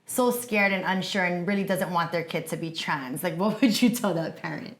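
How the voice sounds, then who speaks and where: A woman's voice: fairly low pitch, normal speed. A woman co-hosting a casual podcast, asking her guest questions in an affirming way. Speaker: podcast co-host.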